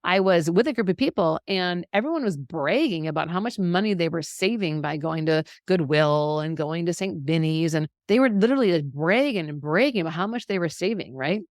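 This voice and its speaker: A middle-aged woman teaches with warm conviction and bursts of laughter, her voice sitting on the lower side. The sound is dry and close, with no room around it. She talks in an animated, faith-filled way as a health educator. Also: fairly quick, hardly any pauses, no room sound. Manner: animated, encouraging, laughs often. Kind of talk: faith-based teaching talk.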